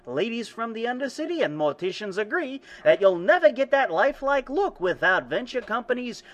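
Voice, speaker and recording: A man's voice: extremely high pitch, very animated, moderate pace, fairly bright tone, dull audio, heavily acted. A man playing a pushy male huckster in a comedy sketch ad, with brash salesman patter. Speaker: fake ad pitchman.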